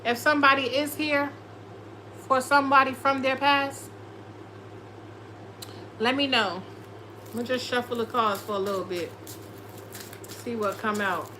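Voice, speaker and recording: A woman's voice: high-pitched, steady tone, moderate pace, sharp tone, slight background noise, low-quality recording. A woman doing a casual tarot reading, sassy and profane, often slipping into quoted voices. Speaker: tarot reader.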